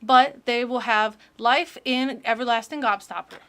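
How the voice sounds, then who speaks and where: A woman's voice: on the high side, fairly even intonation, fairly bright tone. A woman putting on a sweet little girl storyteller. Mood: sing-song. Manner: sing-song, halting, with childlike mispronunciations. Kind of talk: reading a children's book aloud in character.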